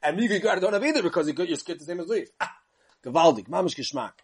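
Animated man giving a lecture. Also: a little high, breathy edge. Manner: animated sing-song learning chant, quick asides, rhetorical questions. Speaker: Talmud teacher. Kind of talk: yeshiva-style Talmud lecture.

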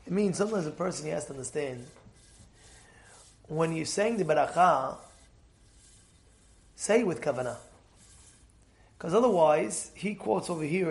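A man's voice: on the high side, normal speed, pauses often. A man teaching a Torah class, telling stories with Hebrew terms mixed in and asking the listeners questions. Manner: animated storytelling, mixes Hebrew terms, asks the listeners questions. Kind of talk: lively Torah class talk.

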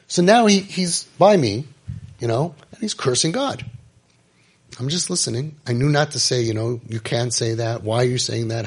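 A middle-aged man telling a story and giving advice, emphatic, repeating phrases and dropping to quiet intensity. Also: on the high side, vocal fry, breathy edge. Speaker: rabbi giving parenting advice. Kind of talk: impassioned storytelling talk.

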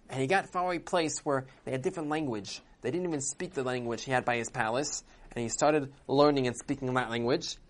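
A woman telling a religious parable and then explaining its lesson, in a halting, repetitive way with rising enthusiasm. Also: very deep voice.

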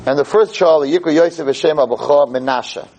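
A man teaching a Torah class to a live audience, animated and explaining with everyday stories and questions to the room. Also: fairly high pitch, a little fast, low-quality recording. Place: in front of an audience.

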